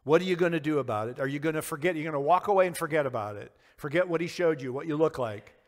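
A man with a fairly high voice talks quickly as a pastor leading a verse-by-verse Bible study. He's earnest, poses questions to his listeners, and now and then acts out the lines he quotes. The recording carries a long hall reverb.

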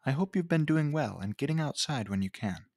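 A man giving scripted narration for a nature video, with a wry, measured storytelling manner. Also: on the high side, lively intonation, darkish tone, no room sound, clean studio sound.

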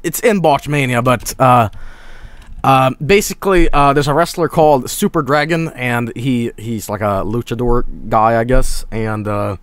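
A male streamer giving excitable live stream commentary, swearing freely and laughing often. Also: medium pitch, a little slow, clean tone, dry recording.

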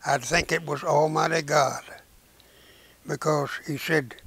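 A man, a war veteran and preacher telling his memories slowly and haltingly in an interview, in folksy rural speech. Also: a little high, fairly even intonation, creaky, fairly bright tone, breathy edge, no room sound. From Arkansas, United States. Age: 90s. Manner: slow, halting storytelling with many "uh"s and restarts.

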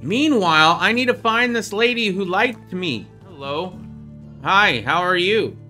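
A man chatting casually over his gameplay as host, playful and quick to joke at his own expense. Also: high-pitched, animated, pushed and bright, soft background music. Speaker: gaming video host.

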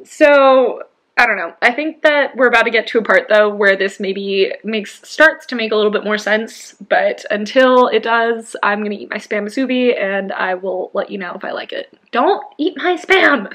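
A young woman talks to her camera at home in an easy, rambling way, often breaking into laughter. Her voice sits at an ordinary pitch, and she keeps the tone casual throughout. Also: normal speed, a bit bright. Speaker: book vlogger. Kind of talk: casual vlog chat.

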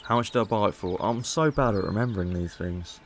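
A gaming YouTuber with a lowish voice casually commentates gameplay, talking a little fast. He's chatty and playful, tossing in haggling asides, with slight background noise behind him.

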